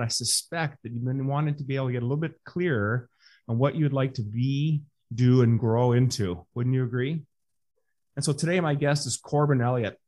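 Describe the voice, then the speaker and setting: A man's voice: mid-range voice, a little mellow. A Canadian man hosting a podcast, speaking in a motivational way to his listeners. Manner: motivational, addresses listeners as brothers. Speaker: podcast host. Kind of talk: podcast intro and interview.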